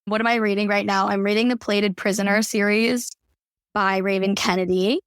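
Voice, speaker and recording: A woman's voice: mid-range voice, fairly even intonation, normal speed, clear, resonant tone, dry recording, clean studio sound. Upbeat nerdy woman guest. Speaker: podcast guest. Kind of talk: casual podcast chat.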